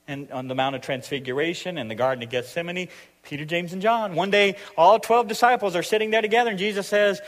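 A man's voice: high voice, quick pace, in a large hall. A middle-aged man with a Southern accent preaching a sermon in a folksy, joking style with repeated phrases. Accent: Southern US (Arkansas). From Arkansas, US. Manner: folksy, jokey, repetitive preaching cadence. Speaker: pastor.

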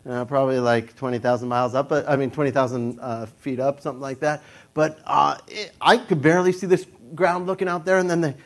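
A young man tells a personal story in a casual, animated, brisk way. When quoting his own thoughts, he jumps into a high, panicky voice.

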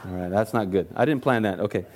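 A man's voice: fairly low pitch, quick pace. A man preaching a sermon to a congregation, reading scripture with rising emphasis and dropping into joking asides. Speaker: pastor.

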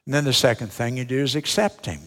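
A man's voice: mid-range voice, fast, fairly bright tone. An older man preaching a folksy, emphatic sermon as a Baptist preacher, with rhetorical questions to the congregation. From United States. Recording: long hall reverb.

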